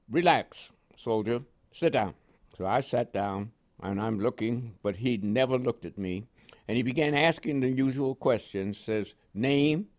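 This is an oral history interview with an older veteran from Panama, whose New York accent is touched with West Indian tones. His pitch is medium, and he's an animated narrator, frequently laughing and acting out conversations.

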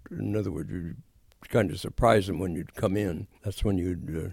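An older man in his nineties, a war veteran, telling stories in an interview, unhurried and halting with many fillers. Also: low-pitched, gravelly, a little mellow, husky, no room sound, studio quality. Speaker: Korean War veteran guest. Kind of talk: interview storytelling.

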